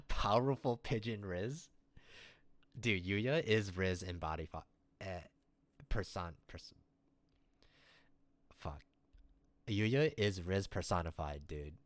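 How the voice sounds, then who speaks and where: A man's voice: low-pitched, slow, pauses often, dry recording. A man streaming a visual novel, chatting casually, swearing and saying dude a lot. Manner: laid-back, swears, says dude a lot. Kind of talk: casual let's-play commentary. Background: game background music.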